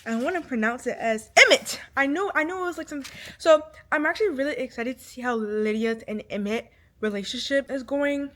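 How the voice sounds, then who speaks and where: A woman's voice: high-pitched, fairly quick. A young adult woman doing a book vlog, rambling with lots of fillers and getting emotional and irritated about the story. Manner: emotional, swings from irritated to teary. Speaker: book vlogger. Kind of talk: casual book review chat.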